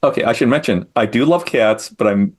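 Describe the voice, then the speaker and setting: A man's voice: medium pitch, a little fast. A middle-aged man, a comic creator, talking casually as a guest in an interview, thoughtful and self-deprecating as he explains his work.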